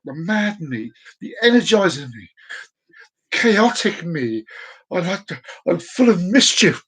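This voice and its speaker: Playful man, chatty and slightly high. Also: slightly rough, poor audio. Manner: playful and chaotic, repeats and stretches phrases; sudden whoops and excited outbursts. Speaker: live-stream host. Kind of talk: casual live-stream chat. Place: at home at a desk.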